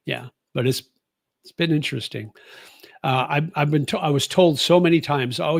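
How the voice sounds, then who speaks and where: A man's voice: mid-range voice, dry recording. A man in his sixties with a mid-range voice, talking in a loose, rambling way full of fillers and restarts. The sound is close and dry, with no room around it. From United States. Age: 60s. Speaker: vlogger answering viewer comments. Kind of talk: casual chat.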